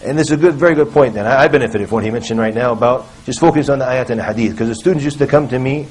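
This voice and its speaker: A man's voice: medium pitch, very fast, darkish tone, poor audio. A man speaking on a panel, thoughtful and hesitant, restarting his sentences often. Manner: hesitant, many fillers and restarts. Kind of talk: casual panel talk.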